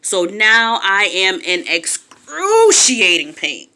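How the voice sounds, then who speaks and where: Young woman, casual storytime, bright tone, slightly low voice, candid. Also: normal speed. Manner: animated, candid, acts out quotes. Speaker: vlogger telling a story.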